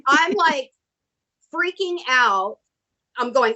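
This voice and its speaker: A middle-aged woman with a slightly high voice tells her stories in a relaxed interview. She is animated and excitable, slipping into the voices of the people she quotes. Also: slow pace, lo-fi sound. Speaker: guest actress. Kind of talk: casual storytelling.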